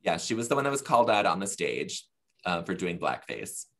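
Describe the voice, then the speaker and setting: A man hosting a casual chat show, chatty and quick to giggle as he leads each segment. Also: sits low, very animated, a bit bright. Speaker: podcast host.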